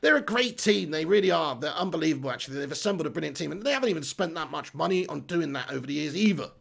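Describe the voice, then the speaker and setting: Man, casual live-stream host, high voice, gravelly edge, upbeat and chatty. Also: lively intonation, a bit bright. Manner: chatty, upbeat, quick to laugh at himself. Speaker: football channel host reading live chat.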